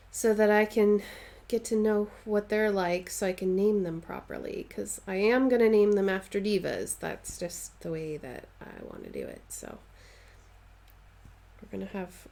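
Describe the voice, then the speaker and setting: A woman's voice: medium pitch, vocal fry, a little mellow. A woman chatting casually on a live stream while she stitches, answering viewers' comments and playfully dramatizing her stories.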